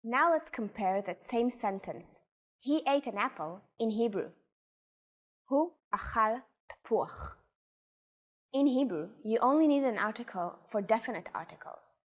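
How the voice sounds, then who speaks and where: A woman co-hosting a language lesson, explaining words and sentences from a script in a clear, measured way. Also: fairly high pitch, lively intonation. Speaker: co-host and native speaker.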